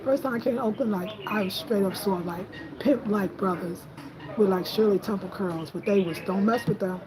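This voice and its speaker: A woman, telling stories in an animated, chatty way. She speaks casually and leans on slang. A crowd murmurs clearly behind her. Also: normal speed, low-quality recording. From Brooklyn, New York. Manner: animated, chatty, slangy, acts out quotes in a higher voice. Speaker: host. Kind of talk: casual storytelling chat.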